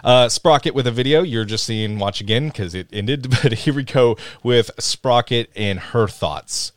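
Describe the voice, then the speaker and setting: A man's voice: mid-range voice, a little slow, no echo, clean studio sound. A man hosting a casual podcast chat, talking with enthusiastic, upbeat energy. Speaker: podcast host.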